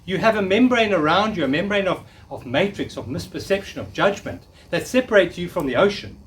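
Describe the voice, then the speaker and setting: Speaking fairly quickly in a high-pitched, animated voice, a man in his fifties runs a live spiritual workshop and earnestly gets the audience to say affirmations back after him. The recording is distant, with slight background noise.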